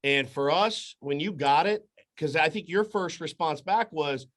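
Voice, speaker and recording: Animated sports radio man, slightly high. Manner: animated storyteller, quick bursts, restarts. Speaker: sports radio host, guest. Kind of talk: casual conversation, storytelling.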